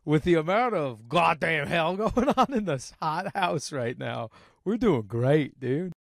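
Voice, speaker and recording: A young man with a fairly high voice, swearing and laughing through crude podcast banter. He jumps into acted-out quotes and sounds sweaty and hot. The sound is close and dry. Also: animated, measured pace, gravelly, no room sound. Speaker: podcast co-host.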